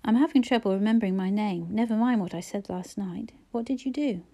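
A woman laid up with flu who jokes at her own expense, dry and wry, read by a woman narrator. Her voice is mellow and warm, the delivery plain and conversational. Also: medium pitch, brisk, close to an everyday voice. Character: woman, ill with flu, wry and self-mocking.

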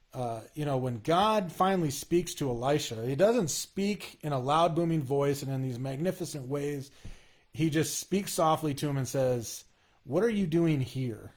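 A man talking through his faith in a relaxed conversation, earnest and a little halting. He often stops and restarts his sentences. His voice sits at an ordinary middle pitch.

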